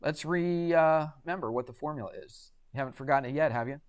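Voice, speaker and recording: A man's voice: fairly high pitch, quick pace. Chatty male math teacher in class. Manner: chatty, asks the class frequent questions. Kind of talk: classroom lecture.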